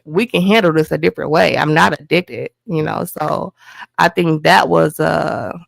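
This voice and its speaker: Low-pitched and creaky, a woman's voice moves at a moderate pace with no echo. As a guest and the host's wife, she relates a personal story animatedly, acting out what each person said.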